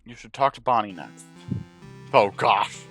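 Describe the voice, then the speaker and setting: A man hosting a let's play, reading game narration quietly and adding muttered asides of his own. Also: fairly low pitch, animated, a little slow, faint music behind.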